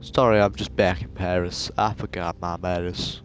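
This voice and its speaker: A man's voice: low voice, fairly even intonation, moderate pace, slight background noise, lightly acted. A man voicing a jovial, boastful American spy passenger who talks in a brash, jokey way. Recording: game music playing behind.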